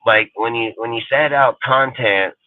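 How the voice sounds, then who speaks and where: Unhurried and medium-pitched, a man hosting a fan livestream rants angrily and swears constantly. His audio is dry and tinny, much like a phone call.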